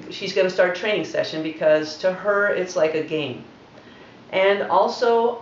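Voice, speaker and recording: A calm, methodical woman walks through dog training one step at a time in a mid-pitched voice. The sound is roomy and dull, like lo-fi home video audio, with a faint hiss. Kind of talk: instructional voice-over.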